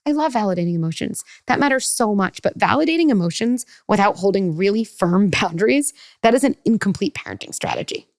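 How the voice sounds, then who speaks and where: A woman speaking as a parenting expert in a podcast conversation, talking quickly and acting out children and parents with lively shifts in her voice. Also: mid-range voice, dry recording, clean studio sound. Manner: fast, animated, acts out kids and parents with voice shifts.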